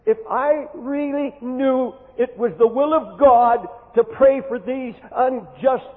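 Man, fervent preacher, very high voice, stammers into repeats, long hall reverb. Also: slow pace. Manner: impassioned, repeats words when pleading. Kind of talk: fervent sermon. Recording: tinny hall recording with long echo.

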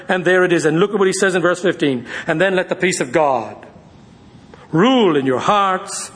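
A male pastor preaching a sermon to his church, speeding through quick asides and slowing down hard for emphasis. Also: sits high. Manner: lively preaching, shifting between quick asides and slow emphasis.

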